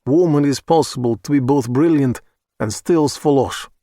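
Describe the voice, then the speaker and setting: A man's voice: medium pitch, warm tone, no echo, clean studio sound, close to an everyday voice. A man doing a heavy-accented Russian hitman. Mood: stiff, pronouncing. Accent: put-on Russian. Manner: slow, stiff, broken phrasing. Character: menacing male Russian hitman, formal and stilted.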